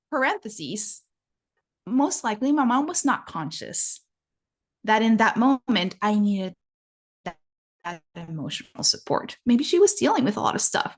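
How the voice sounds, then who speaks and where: Slow-talking Mexican-accented woman. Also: on the high side. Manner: earnest, reflective, often adds "right?". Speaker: relationship coach. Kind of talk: explanatory interview talk.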